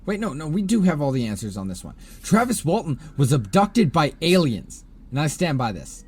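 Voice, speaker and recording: A man's voice: a little high, sing-song, normal speed, slightly rough. Chatty male podcast host. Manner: storytelling, recounting case details with frequent fillers. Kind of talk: casual chat.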